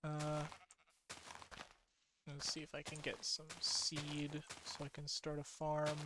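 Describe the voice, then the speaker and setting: A drowsy streamer with a slightly high-pitched voice gives casual, rambling commentary on his game. He yawns between thoughts, repeats himself, and brightens easily at small discoveries, with background noise audible.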